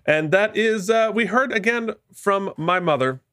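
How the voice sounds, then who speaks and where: A man co-hosting a casual podcast, animated and playful, laughing often as he reads listener mail. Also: high voice, a little slow, clean tone, no room sound, studio quality. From Vermont. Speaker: podcast co-host.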